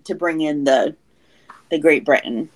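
A woman's voice: sits low, measured pace, low-quality recording. Chatty woman podcast co-host from Ohio. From Ohio, USA. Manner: chatty, asks playful questions. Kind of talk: casual recap chat.

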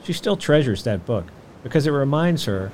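A man hosting a podcast, telling a history story in scripted documentary narration with an expressive delivery. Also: mid-range voice, moderate pace, slight background noise. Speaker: podcast host.

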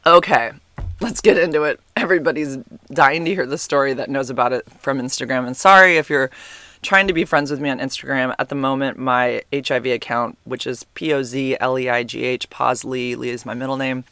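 A man hosting a podcast in casual chat, rambling and full of fillers, animated and quick to exclaim, speaking a little back from his microphone. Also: mid-range voice, clean tone, no echo. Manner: animated, exclaims and laughs often. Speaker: podcast host. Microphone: podcast microphone, sitting a bit back from it.

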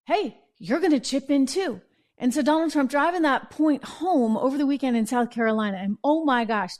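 A woman hosting an opinionated political commentary show, chatty and sarcastic, with quick asides and self-corrections. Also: on the high side, darkish tone.

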